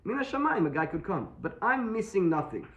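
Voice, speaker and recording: A man with a high-sitting voice, big pitch swings and a slightly fast pace teaches a daily Talmud class to students. He explains step by step, repeats points and poses rhetorical questions he answers himself. The room is echoey and the highs are cut off.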